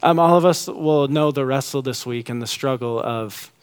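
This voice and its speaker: A man in his thirties preaching a sermon as a pastor, animated and rising high and excited when he acts out quotes. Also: moderate pace, clean tone.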